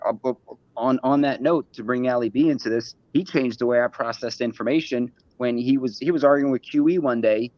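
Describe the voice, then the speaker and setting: A man's voice: mid-range voice, brisk, no room sound, muffled recording. A man speaking as a guest in a casual livestream conversation, rambling and cursing with many restarts.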